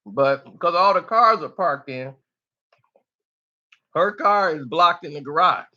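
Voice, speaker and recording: A man's voice: on the high side, lively intonation, takes it slowly, sharp tone, highs cut off. A man telling a story in casual street slang, loose and chatty, often tossing in "you know".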